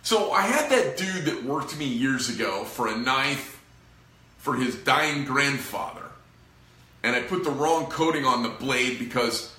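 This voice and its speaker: Fed up with his business, a middle-aged man who owns a knife company casually vents on camera in a loose, profane ramble. His medium-pitched voice carries a bright, forceful edge, and the room echoes around him.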